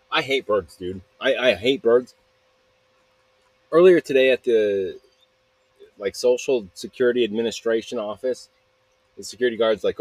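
Male podcast host, low husky voice, rambling profane monologue, dry close sound. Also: moderate pace, a little mellow, no room sound, low-quality recording. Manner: rambling, profane, self-interrupting. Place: outdoors.

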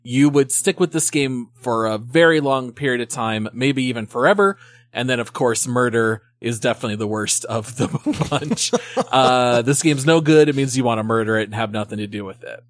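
A man with a mid-range voice speaks in a measured, explanatory way on a casual gaming podcast. The recording is dry and close, with no room sound. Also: mid-range voice, dry recording. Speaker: podcast co-host.

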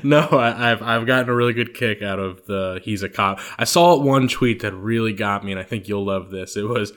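A man who is a sports reporter and podcast co-host, talking about football in a relaxed, chatty way. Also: fairly low pitch, normal speed. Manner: relaxed, chatty, laughs easily. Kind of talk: casual sports talk.

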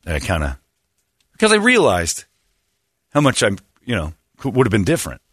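A man's voice: lowish voice, sing-song, quick pace, husky, no room sound. A man hosting a radio morning show, telling darkly funny stories in sardonic, casual studio banter. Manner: sardonic storyteller with dark humor.

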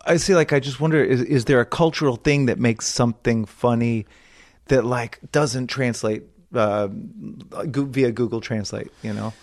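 A man of about fifty hosting an interview podcast. His questions wander and restart as his enthusiasm runs ahead. He is casual and quick to laugh. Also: medium pitch. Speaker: podcast host.

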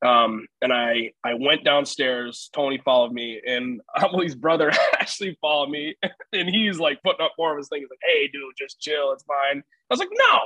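A young man tells a rambling story on a podcast, his voice bright and forward. He laughs easily as he goes. The sound is dry and close, with no room around it. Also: fairly high pitch, normal speed, no room sound, rough recording. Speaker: podcast co-host. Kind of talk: casual storytelling chat.

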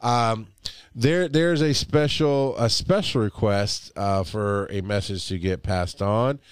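A man's voice: lowish voice, takes it slowly, smooth, no room sound. A man hosting a podcast, chatting casually and jokingly with many restarts. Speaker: podcast host. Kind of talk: casual chat.

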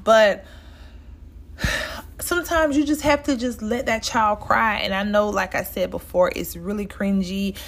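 A woman's voice: medium pitch, fairly even intonation, unhurried, vocal fry. A woman from the States, hosting a casual podcast monologue and talking straight to her listeners. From Southern United States. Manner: chatty and direct, talks straight to listeners as "y'all". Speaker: podcast host.

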